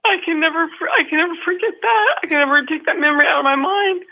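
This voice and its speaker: A call-in guest on a live show, this woman has a very high, expressive voice and talks fast. Crying as she shares a heartfelt story by phone, she rambles and keeps starting over.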